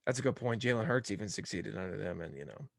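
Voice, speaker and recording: A man's voice: fairly low pitch, animated, fast, creaky, dry recording, studio quality. A young man hosting a casual sports podcast, talking in an easygoing, rambling way. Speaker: podcast host.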